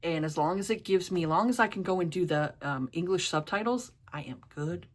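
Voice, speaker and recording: Low-pitched woman, casual rambling vlog chat full of fillers. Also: a little fast. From East Coast of the US, New York area. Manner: rambling, many fillers like "you know" and "like". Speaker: book and TV reviewer.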